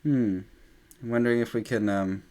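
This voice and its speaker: A man's voice: mid-range voice, fairly even intonation, normal speed, dark tone. A man leading a group meditation discussion over a video call, talking loosely with many fillers. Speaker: meditation teacher.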